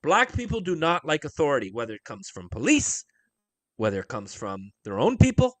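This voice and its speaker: A man's voice: on the high side, huge pitch swings, fairly quick, dry recording. A man hosting a livestream, commenting on video clips in an emphatic, profane rant full of rhetorical questions. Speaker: livestream host. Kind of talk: live-stream commentary over video clips.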